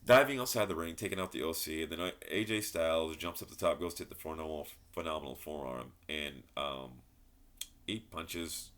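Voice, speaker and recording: A man's voice: a bass voice, moderate pace, a bit bright. A man giving a frustrated, rambling wrestling review, swearing and repeating himself. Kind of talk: ranting solo commentary.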